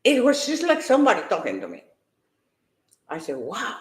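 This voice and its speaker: A woman and fitness competitor giving an emotional, animated personal faith testimony. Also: fairly high pitch, fairly quick, roomy sound.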